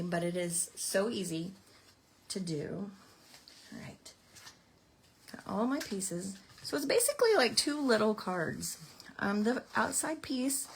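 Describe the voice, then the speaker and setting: A woman's voice: medium pitch, vocal fry, slight background noise. A woman teaching a card-making class, chatting casually as she explains each step while working. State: out of breath at times. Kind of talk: casual craft tutorial.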